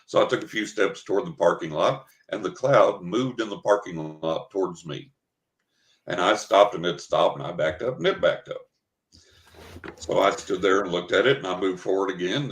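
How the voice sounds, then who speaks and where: Brief: older man from West Texas, very low voice, dramatic interview storyteller, echoey room. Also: moderate pace. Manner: vivid, dramatic storyteller who acts out his own thoughts. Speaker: guest. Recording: roomy, echoey recording.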